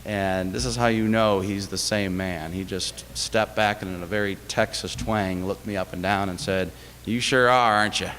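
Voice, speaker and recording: A man's voice: deep voice, fairly even intonation, normal speed, few pauses, fairly bright tone. A man giving a chapel talk to a college audience, telling stories in a conversational way with fillers and self-deprecating humor. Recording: long hall reverb, faint background noise.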